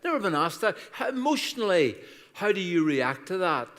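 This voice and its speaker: A man's voice: sits high, very animated, normal speed, fairly bright tone. A man in his sixties with an Irish accent, a guest pastor telling funny stories in a chatty, self-deprecating sermon. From Ireland. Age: 60s. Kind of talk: humorous sermon storytelling. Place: church auditorium. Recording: reverberant church hall.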